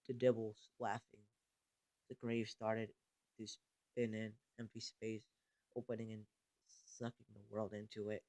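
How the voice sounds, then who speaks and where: A man narrating a creepypasta, reading haltingly with frequent stumbles and restarts. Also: fairly low pitch, dry recording.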